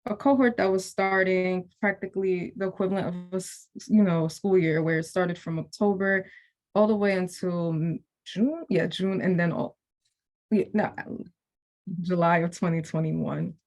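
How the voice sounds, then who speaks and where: A woman's voice: lowish voice, steady tone, moderate pace, darkish tone. A young woman, a program graduate, talking casually on a video call and rambling with many fillers and restarts.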